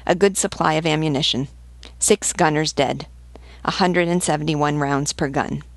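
Male naval officer, brisk, loyal, low gravelly voice, woman reading. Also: dry recording.

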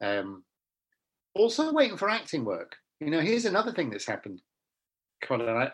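Husky middle-aged guy, actor chatting in an interview, blunt, voice bouncing all over. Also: mid-range voice. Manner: animated, blunt storyteller with frequent restarts. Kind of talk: casual interview chat.

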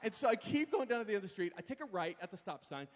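A man preaching a sermon, telling a personal story in an animated way and calling out to his congregation. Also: high voice, fast. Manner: animated, acts out voices, addresses the congregation. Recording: reverberant hall.

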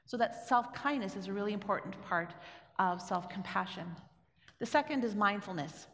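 A woman's voice: medium pitch, expressive, moderate pace, a bit bright. A middle-aged woman from Canada telling a personal story to an audience in a conversational way, often asking them questions. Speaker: speaker giving a talk. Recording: echoey hall with long reverb.

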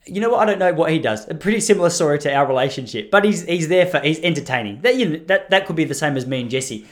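A man's voice: a little high, animated, fast talker. A man, chatting casually on a live stream with rambling, self-deprecating stories.

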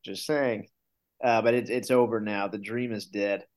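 A man hosting a casual sports podcast, telling game stories with rising excitement. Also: fairly low pitch, measured pace. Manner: animated storyteller, rises when excited. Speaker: podcast host.

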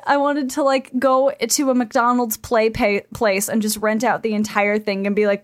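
A woman co-hosting a casual podcast chat from a friend's apartment, telling stories in an animated, excitable way and swearing freely. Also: on the high side, moderate pace, no echo, studio quality. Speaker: podcast co-host. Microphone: remote recording setup.

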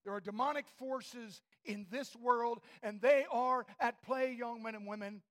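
A male preacher giving a fervent sermon in a church, swinging from shouts to near whispers. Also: very high-pitched, a little slow.

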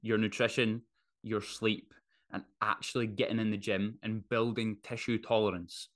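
A man with a somewhat low voice hosts a solo podcast. He talks casually and bluntly, dropping swear words freely. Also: flat delivery, normal speed, a bit bright. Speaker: podcast host.

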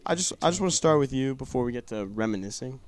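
A man's voice: medium pitch, lively intonation, fast talker. A man hosting a casual group podcast chat, teasing and pushing the others. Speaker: podcast host. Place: conference room.

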